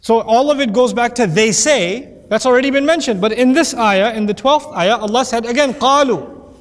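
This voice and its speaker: A man's voice: very high voice, fairly quick. A man giving a conversational Quran commentary lesson, joking and acting out quoted voices. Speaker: Quran teacher. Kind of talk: lecture-style Quran commentary. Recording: long hall reverb.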